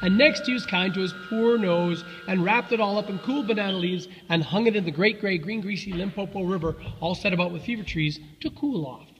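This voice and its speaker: A man reading a children's story aloud in a relaxed way, with fillers and self-corrections. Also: high-pitched, brisk, hardly any pauses, long reverb tail, muffled recording, slight background noise.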